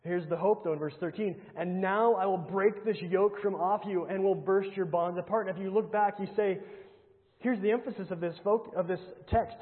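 A man preaching a sermon, earnestly reading scripture aloud and pressing his point with rhetorical questions and repetition, often dropping to a low hush. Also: brisk. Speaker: pastor. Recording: tinny phone-like sound with long hall reverb.

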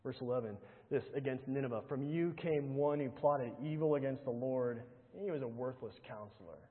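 A pastor preaches briskly and earnestly, reading scripture aloud and driving his point home with rhetorical questions and repetition, often sinking to a low hush. The audio sounds tinny, like a phone, with long hall reverb.

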